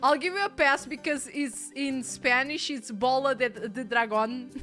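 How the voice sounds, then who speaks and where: Give me a young Portuguese-accented woman streaming a game, high-pitched, laughing and chatting casually. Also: a little slow, soft background music. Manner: excitable, laughs often, swears casually. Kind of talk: casual chat while gaming.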